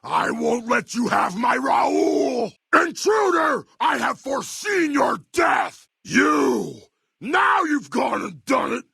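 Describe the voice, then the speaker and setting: A man's voice: very high voice, big pitch swings, slow, creaky, sharp tone, husky, no echo, raised voice, clean studio sound, heavily acted. A man voicing a huge, pompous female mutant who rules her mountain, bellowing orders in video game dialogue. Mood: menacing. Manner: bellowing, pompous, easily exasperated. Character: huge bossy self-proclaimed ruler mutant, female.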